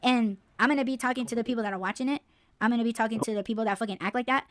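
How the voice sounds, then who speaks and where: A woman's voice: fairly high pitch, very fast, no echo. A woman hosting a podcast, ranting bluntly and swearing freely in a casual, heated way. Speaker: podcast host.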